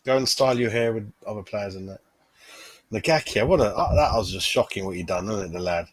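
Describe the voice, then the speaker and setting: A man hosts a fan channel livestream, chatting casually and constantly saying "mate" while tossing in tag questions. His voice is on the low side and brisk, with no echo.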